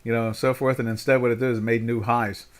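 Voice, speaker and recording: This older American webinar host talks fast in a mid-range voice with a level tone. He rambles through market commentary at his live trading session, with lots of "you know" fillers and restarts.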